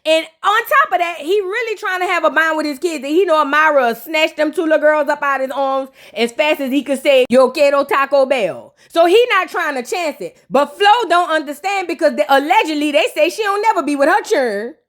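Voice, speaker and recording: Woman host, sassy recap voice, high-pitched, talks back at the screen. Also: lively intonation, brisk, hardly any pauses, fairly bright tone. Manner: sassy, scolding, talks straight to the people on screen. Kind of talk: casual reaction commentary.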